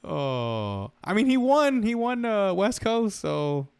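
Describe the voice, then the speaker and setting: A man's voice: high voice, very animated, slow, gravelly, clear, resonant tone, dry recording. A man co-hosting a podcast in casual chat, joking and teasing in an offhand way. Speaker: podcast co-host.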